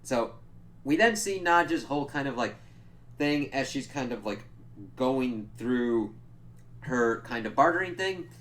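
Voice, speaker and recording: A man's voice: mid-range voice, lively intonation, unhurried, long pauses, fairly bright tone. A young man casually recapping a TV episode for a spoiler review, rambling and swearing often, with lots of filler "like"s. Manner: rambling, profane retelling full of "like".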